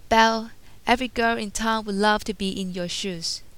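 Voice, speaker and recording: A woman's voice: medium pitch, steady tone, normal speed, a bit bright, clear, resonant tone, natural voice. A woman voicing a vain, boastful young village man in a storybook read-aloud, sounding self-assured.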